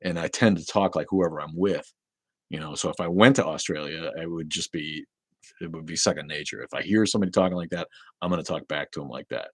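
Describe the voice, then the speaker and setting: Low-voiced, rambling New England man. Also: fast, breathy edge, dry recording, clean studio sound. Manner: rambling and chatty, with stammered restarts. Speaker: livestream host. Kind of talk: casual livestream chat answering viewer comments.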